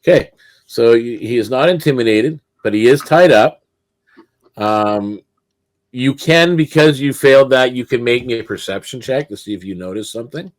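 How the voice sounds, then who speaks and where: A man narrating as game master of a tabletop game, talking haltingly with many fillers and restarts. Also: mid-range voice, no room sound, low-quality recording.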